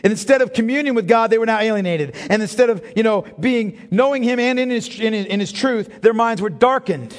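A man preaching a sermon as pastor, impassioned, swinging from hushed tones to near-shouting and calling his listeners beloved. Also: high voice, fairly quick, few pauses. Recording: long reverb of a large hall.

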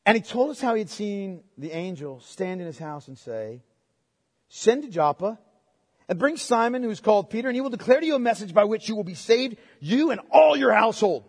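High-voiced pastor preaching in a reverberant hall. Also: male voice, lively intonation, fairly quick, husky. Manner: emphatic, checks in with listeners through tag questions. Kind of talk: expository sermon.

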